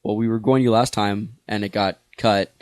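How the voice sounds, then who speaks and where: A man's voice: on the low side, fairly even intonation, normal speed, no echo. A man co-hosting a hobby podcast, chatting casually and joking as he steers the segments. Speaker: podcast co-host. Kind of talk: casual chat.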